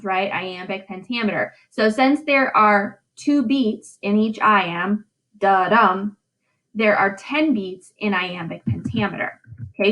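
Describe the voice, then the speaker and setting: A woman teaching a recorded high school English lesson, chatty, checking in often with "okay" and "right". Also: fairly bright tone, low-quality recording. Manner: sounds out stress patterns aloud.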